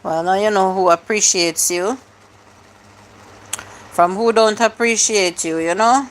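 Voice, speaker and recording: A woman's voice: medium pitch, measured pace, a little hiss or hum. A woman hosting a live stream, chatting casually and answering her viewers' comments one by one.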